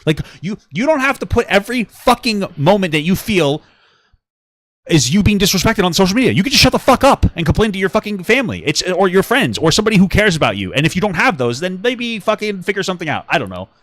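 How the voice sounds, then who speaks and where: A man co-hosts a casual podcast, ranting and cursing as he goes. His voice leaps from low mutters up to loud yells, and it sounds dry and close with no room around it. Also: very animated, quick pace, dry recording. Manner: profane ranting, swinging from mutters to yelling. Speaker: podcast co-host.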